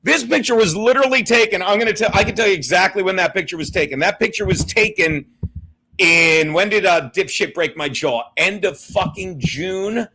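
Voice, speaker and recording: A man's voice: sits high, moderate pace, sharp tone, a little hiss or hum. A man hosting a casual livestream chat, bantering in a brash, profane way and laughing often. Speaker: host.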